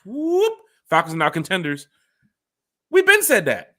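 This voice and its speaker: A man with a drawl hosts a fan podcast, his pitch swinging high and low as he rambles on. His voice is a bit higher than most men's and comes out bright and forceful, and he keeps turning to his co-host. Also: moderate pace. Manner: animated, rambling, talks straight to his co-host. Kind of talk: casual sports fan chat.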